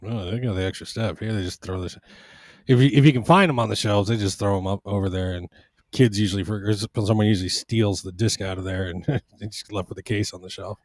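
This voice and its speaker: A man's voice: on the low side, steady tone, fast talker, dry recording, clean studio sound. A man from Panama, a podcast guest chatting casually, often restarting and repeating words. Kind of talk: casual chat.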